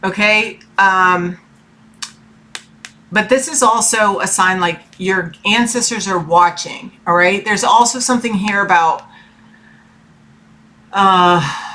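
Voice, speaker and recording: Bright-voiced woman giving a chatty tarot reading. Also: medium pitch. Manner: chatty, rambling, keeps asking okay. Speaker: tarot reader. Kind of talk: casual tarot reading to viewers. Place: her room.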